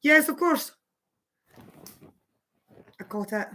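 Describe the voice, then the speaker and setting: A woman's voice: sits high, expressive, takes it slowly, sharp tone. A woman hosting a livestream, chatting casually with her partner, swearing freely and laughing often. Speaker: livestream host.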